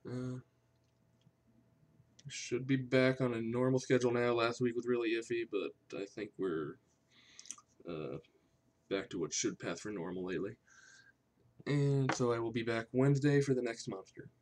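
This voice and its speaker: Guy chatting on his art stream while drawing, laid back, kinda rambly, average pitch. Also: moderate pace, long pauses. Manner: relaxed, chatty, thinking aloud with fillers. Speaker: livestream host and artist. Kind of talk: casual livestream talk while drawing.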